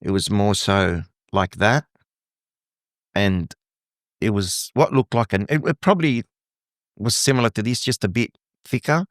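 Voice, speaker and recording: A middle-aged man from Lebanon with a lowish voice tells his story vividly and acts out the lines he heard. The sound is close and dry, with no room around him. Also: measured pace, long pauses, dry recording. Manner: animated storytelling, acting out quoted dialogue. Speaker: guest. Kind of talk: conversational interview.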